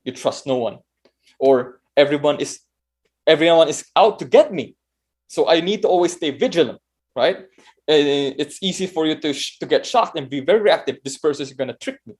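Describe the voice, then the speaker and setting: A man's voice: a little high, expressive, normal speed, a little mellow. A man with a Filipino accent giving a conversational talk to an online meetup, often restarting phrases and adding "right?". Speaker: meetup speaker.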